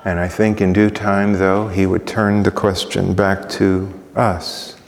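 A pastor preaching a sermon through a string of rhetorical questions. He swings from ringing emphasis down to hushed softness. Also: sits low, little pitch movement, slow pace, vocal fry. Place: church sanctuary. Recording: long reverb of a church hall.

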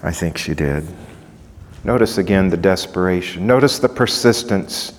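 Male preacher, mid-range voice, swings from quiet questions to ringing shouts, long hall reverb. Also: deep voice, animated, moderate pace. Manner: rising to loud dramatic shouts when quoting cries; asks the congregation rhetorical questions. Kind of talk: sermon.

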